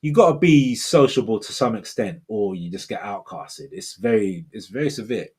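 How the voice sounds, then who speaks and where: Low husky man in his 40s, rambling livestream host, laid-back. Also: lively intonation, normal speed, a little mellow. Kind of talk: casual chat, reading viewer comments.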